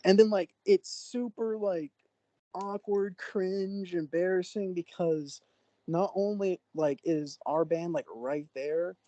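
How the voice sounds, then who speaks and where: A young man from Oklahoma, a podcast co-host, telling a story in an animated, excitable way with sudden jumps in pitch. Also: takes it slowly, no echo, highs cut off. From Oklahoma, USA. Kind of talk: casual storytelling.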